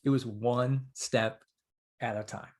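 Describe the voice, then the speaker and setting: A man guesting on a podcast, telling stories in a casual, animated and earnest way. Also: medium pitch, slow pace. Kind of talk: casual storytelling.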